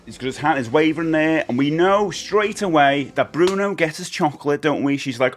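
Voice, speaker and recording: A man streams games live and chats casually with his audience. He jokes as he reads out names, and his voice rises and falls with animated swings. Soft music plays faintly behind him. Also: on the high side, moderate pace. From England. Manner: chatty, jokey, reading out chat names. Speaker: retro game streamer.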